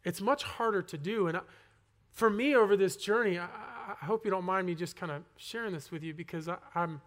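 A young man giving a personal testimony sermon to a congregation, earnest and conversational, with halting restarts, rising to loud emphasis and dropping to soft asides. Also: high voice. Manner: earnest, swings between loud emphasis and near-whispered asides. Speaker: preacher.

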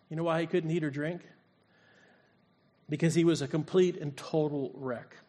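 A man's voice: on the high side, darkish tone. A male pastor preaching a sermon, retelling a scripture story and acting out its voices. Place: church sanctuary.

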